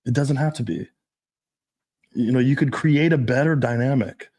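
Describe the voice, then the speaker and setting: A man in a casual podcast chat who talks bluntly and swears freely. His voice sits at an ordinary mid pitch, and he tells stories loosely with laughs. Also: normal speed, darkish tone. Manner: profane, blunt, storytelling with laughs. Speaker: dating coach, podcast host.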